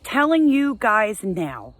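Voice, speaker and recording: A woman's voice: very animated, slow pace, a little hiss or hum. Scolding woman vlogger. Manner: scolding, exasperated, emphatic with sudden high bursts. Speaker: homesteading vlogger. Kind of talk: impassioned monologue to camera.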